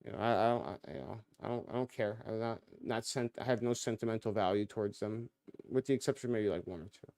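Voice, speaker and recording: A man's voice: on the low side, quick pace, creaky, darkish tone, no room sound. Rambling man on a dry stream mic. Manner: loose, profane, full of restarts and fillers. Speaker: live stream host. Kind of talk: casual rambling monologue.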